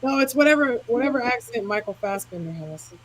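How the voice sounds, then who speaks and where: A woman's voice: fairly high pitch, lively intonation, a little fast, low-quality recording. A woman co-hosting a casual podcast chat, laughing often and talking bluntly. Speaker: podcast co-host.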